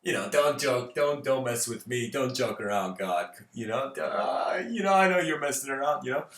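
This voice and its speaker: A man's voice: mid-range voice, expressive, moderate pace, a bit bright, pitched above the performer's own voice. Man playing a laid-back male joker, casual and pushy, echoey room. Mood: protesting. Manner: casual, pleading then protesting. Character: cheeky carefree male joker at heaven's gates. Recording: roomy echo.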